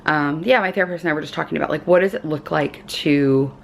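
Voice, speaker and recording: Low gravelly woman vlogging chattily. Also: fast, slight background noise. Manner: chatty, filler-heavy, upbeat. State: losing her voice. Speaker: lifestyle vlogger. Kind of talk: casual vlog chat. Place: hotel room.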